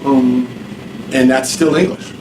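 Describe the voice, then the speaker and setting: A man's voice: medium pitch, fairly even intonation, slow pace. Man teaching class in an echoey room. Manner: rambling, conversational, asks the class questions. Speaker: ESL teacher. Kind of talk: classroom lecture. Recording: echoey room, distant mic, noisy.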